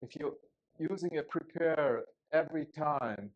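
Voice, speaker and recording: A man's voice: fairly high pitch, unhurried, dull audio. A man from Germany with a German accent, giving a chatty, joking technical talk at a conference, with frequent fillers and restarts. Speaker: conference speaker.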